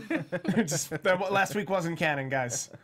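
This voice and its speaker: A man's voice: high voice, lively intonation, a bit bright. A man who is an actor, co-hosting a wrestling chat show and joking around. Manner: joking, does quick put-on voices. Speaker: co-host, actor. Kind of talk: casual chat.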